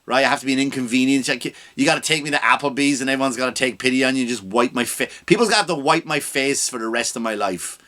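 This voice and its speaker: Ranting man, bright forceful voice. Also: medium pitch, fast talker, hardly any pauses. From abroad, immigrant to the US. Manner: ranting, profane, mocking impressions. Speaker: comedian and podcast host. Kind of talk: comedic rant.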